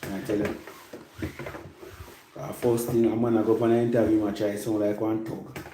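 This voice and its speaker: A man's voice: on the low side, level tone, normal speed, warm tone, a little hiss or hum, low-quality recording. A Jamaican man giving a rambling, casual music commentary that mixes patois with English. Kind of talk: casual chat.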